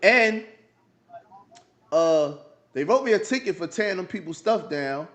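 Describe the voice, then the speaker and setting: A man's voice: high-pitched, expressive, unhurried, a bit bright. A man co-hosting a podcast, telling a long story in casual chat, laughing often and acting out the other people in it.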